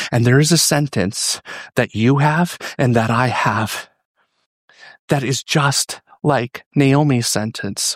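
A man preaching a sermon, often repeating and restarting words, his pitch climbing on emphatic lines. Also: takes it slowly, no room sound, clean studio sound. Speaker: pastor.

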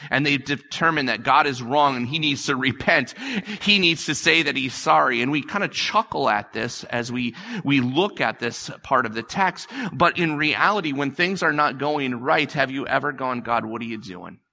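A man's voice: medium pitch, moderate pace, creaky, bright, forceful tone. A male pastor preaching a conversational sermon, repeating phrases and acting out quotes.

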